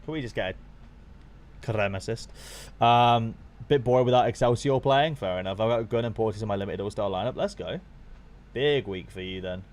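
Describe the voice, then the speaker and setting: A young man chatting casually to his viewers on a live stream while watching football, swearing freely and getting excited. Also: on the low side, moderate pace.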